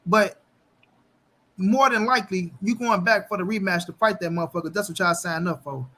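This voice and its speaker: High-voiced aave guy hosting a boxing chat, animated, cusses a lot. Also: moderate pace, slight background noise. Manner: animated, heavy cursing, repeats "bro". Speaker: host. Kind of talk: casual boxing talk.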